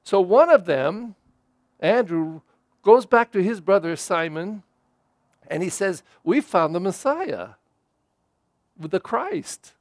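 A man's voice: high voice, animated, slow, long pauses, no room sound. Man preaching a homily, dry close sound. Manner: conversational preaching, rising for emphasis and dropping soft for prayer. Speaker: priest. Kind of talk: homily at Mass.

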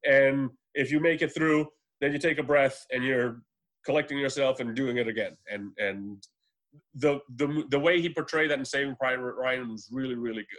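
A man in casual conversation about films, rambling and swearing freely, slipping into quick voices to retell scenes. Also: mid-range voice, a bit bright. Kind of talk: casual movie chat.

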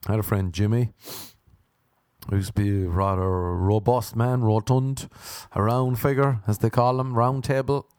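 A man performing a stand-up comedy routine, telling stories deadpan and breaking into animated voices for the people he quotes. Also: fairly low pitch, moderate pace, dry recording, studio quality. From Ireland.

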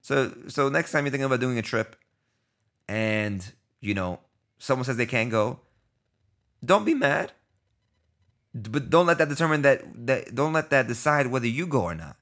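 A man from New York City hosting a podcast in his thirties, telling a story casually and acting out the dialogue in quick back-and-forth. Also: mid-range voice, expressive, fairly bright tone. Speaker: podcast host.

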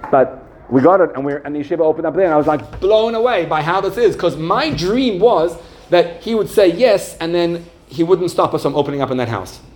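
Animated man teaching a Torah class. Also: on the high side, fairly quick. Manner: animated, conversational, acts out the voices in his stories. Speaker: yeshiva head teaching a class.

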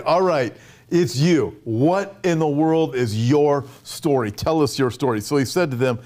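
A male pastor preaching a sermon, retelling scripture in a conversational, animated way with frequent asides. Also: on the high side, measured pace.

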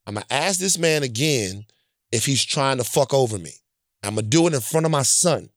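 Brief: man doing his stern contractor dad, firm, deliberate, dry close sound. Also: medium pitch, lively intonation, no echo, natural voice. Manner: firm and deliberate, slow for emphasis. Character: stern working father standing his ground, middle-aged man.

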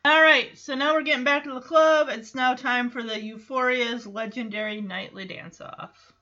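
A woman hosting a podcast, recapping an episode in a casual, animated way and laughing often as she reads out the dialogue. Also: on the high side, normal speed, highs cut off. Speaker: podcast host.

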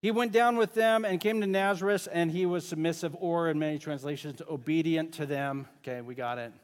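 A man's voice: a little high, brisk, clean tone, long reverb tail. A pastor preaching a sermon to his congregation in a casual, conversational way, often joking with the kids and parents.

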